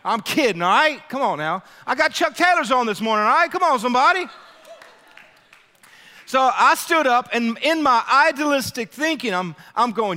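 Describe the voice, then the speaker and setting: A man preaching to his congregation, energetic and full of calls for a response. His voice sits high and sounds bright. A long reverb from the church hall follows every line. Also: moderate pace. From Louisiana, US. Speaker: lead pastor. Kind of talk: sermon with storytelling.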